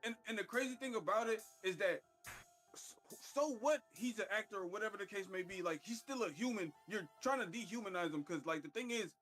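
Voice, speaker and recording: A man co-hosting a casual gaming podcast, excitable and repeating himself as he talks. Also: high-pitched, brisk, soft background music. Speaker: podcast co-host. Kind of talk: casual chat.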